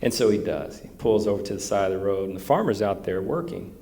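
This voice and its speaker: A man's voice: lowish voice, lively intonation, quick pace, mellow. A man hosting a live interview on a studio stage, telling a folksy joke before asking his guest questions. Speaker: interviewer and podcast host.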